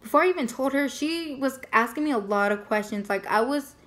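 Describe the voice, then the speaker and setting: A young woman with a fairly high voice tells a personal story in a loose, chatty way, stringing thoughts together with lots of casual fillers. It sounds like an informal vlog told straight to the camera. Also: animated, brisk, a bit bright. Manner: chatty, many fillers like "like" and "you know". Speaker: family vlogger.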